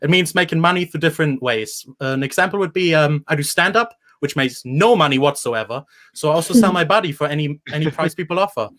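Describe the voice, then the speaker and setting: A young man from Germany, doing a stand-up set with dry, deadpan jokes after chatting with the host. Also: fairly high pitch, quick pace. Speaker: stand-up comedian. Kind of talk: stand-up set and casual chat.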